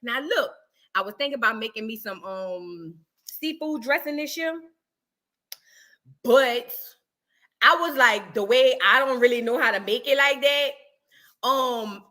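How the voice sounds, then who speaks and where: A woman hosts a live stream in a loose, chatty way, reading out viewers' comments as she goes. Her voice sits high and sounds bright and forward. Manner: animated, chatty, reads viewer comments aloud. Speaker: livestream gossip host. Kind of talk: casual live-stream chat.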